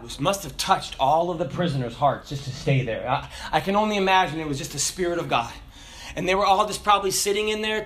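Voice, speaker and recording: High-voiced, animated male preacher. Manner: animated call-and-response preaching, swinging between loud bursts and quiet asides. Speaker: pastor. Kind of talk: sermon.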